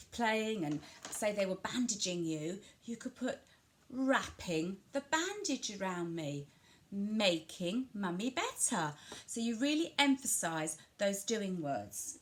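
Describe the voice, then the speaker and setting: A woman from England who gives a home video lesson to parents on early language play. She talks gently and reassuringly and slows down to stress the key words as she models them. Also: mid-range voice. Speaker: family centre early language practitioner.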